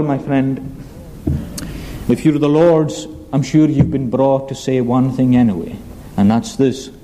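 A male pastor preaching a sermon in an earnest, measured way, slowing down on emphatic phrases. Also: mid-range voice, warm tone, a little hiss or hum, rough recording.

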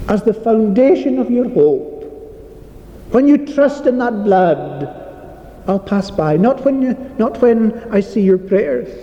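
A man's voice: very high-pitched, warm tone. A man preaching a sermon in a church, earnest and repetitive, stretching out key phrases for emphasis. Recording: echoey hall, dull lo-fi sound.

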